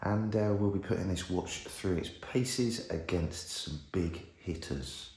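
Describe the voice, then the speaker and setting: A man's voice: deep voice, unhurried, a little mellow, husky. A man chatting casually to an action camera while out running, a little out of breath at times. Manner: chatty, talks straight to camera. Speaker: tech reviewer. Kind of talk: casual vlog chat. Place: outdoors on a run. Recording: outdoor noise and wind.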